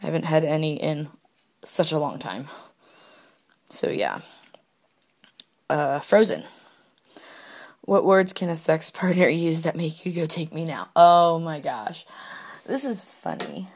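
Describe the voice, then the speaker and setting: Young woman rambling into her phone, low gravelly voice, giggly, lots of ums. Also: expressive, slow pace, pauses often, a little mellow. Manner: rambling, giggly, frequent fillers and restarts. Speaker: solo podcaster answering question prompts. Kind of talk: casual candid chat.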